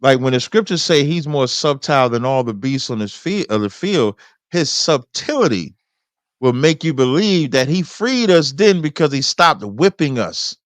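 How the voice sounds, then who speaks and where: Deliberate man reading scripture, dry sound. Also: medium pitch, animated, no echo. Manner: preacherly, deliberate, reads scripture with commentary. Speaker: host. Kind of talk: debate discussion, reading scripture aloud.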